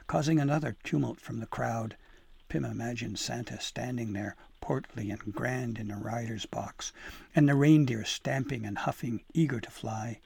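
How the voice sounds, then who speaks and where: Gravelly-voiced male storybook narrator. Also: mid-range voice, dry recording. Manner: measured, expressive reading. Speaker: audiobook narrator.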